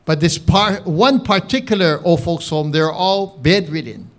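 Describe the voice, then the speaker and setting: A man with a Hawaiian Pidgin accent doing live stand-up comedy, telling an animated story with audience banter. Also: a little high, a little slow. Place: live showroom stage with audience. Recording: echoey room, crowd laughter, background noise.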